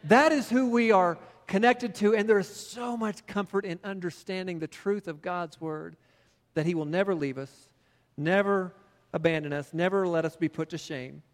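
A man's voice: sits high, normal speed, long reverb tail. A middle-aged male pastor telling a personal story in a sermon, then building into emphatic preaching.

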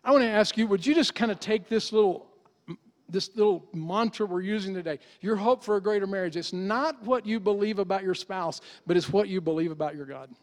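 Earnest high-voiced male pastor preaching. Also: a little fast. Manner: earnest, pleading, rising to emphatic exhortation then dropping soft. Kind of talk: sermon.

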